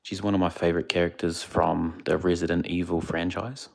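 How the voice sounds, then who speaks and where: A young man keeps his very low voice hushed and gravelly. He is chatting casually on a livestream into a phone. He speaks quietly because others nearby are sleeping. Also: little pitch movement, brisk. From India. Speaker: streamer. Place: indoors away from home, others asleep.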